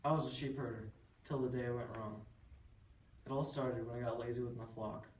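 A man's voice: medium pitch, fairly even intonation, a little fast, darkish tone. Man reading a poem from far off. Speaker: student reader. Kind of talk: first-person poem recitation. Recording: echoey room from far off, faint background noise.

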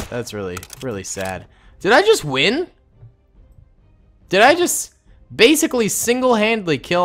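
A young man giving casual let's-play commentary as a gaming host, excitable and loud as he rallies troops. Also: mid-range voice. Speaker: gaming YouTuber. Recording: game music and gunfire behind.

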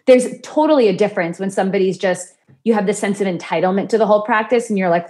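A woman's voice: medium pitch, fast, a little mellow. A woman guest on a podcast, talking in a chatty way about chanting practice, laughing now and then. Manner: chatty, laughs often, acts out quoted voices. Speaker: podcast guest, yoga and mantra teacher. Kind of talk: conversational interview.

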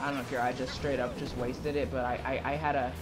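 A woman's voice: rumbling low, flat delivery, fairly quick, music in the background. A young woman giving live commentary on her own racing game play, swearing, stammering and breaking into frustrated outbursts. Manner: stammering restarts. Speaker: gaming video creator.

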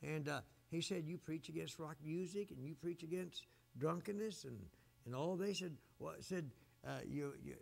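An older man preaching a fiery revival sermon, swinging from shouts down to quiet, low asides. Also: normal speed, creaky.

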